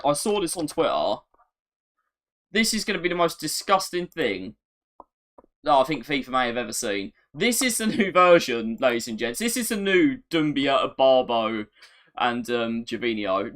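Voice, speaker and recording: Guy on a live stream, excitable, repeats himself a lot, pokes fun at himself. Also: mid-range voice. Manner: chatty, excitable, repeats phrases, self-mocking. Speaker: gaming streamer. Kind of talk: casual live-stream chat.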